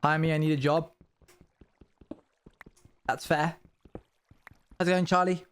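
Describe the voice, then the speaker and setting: A man's voice: on the high side, steady tone, smooth. Upbeat British man chatting with viewers. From Britain. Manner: chatty, upbeat, answers chat questions in quick bursts. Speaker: streamer. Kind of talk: casual livestream chat with viewers.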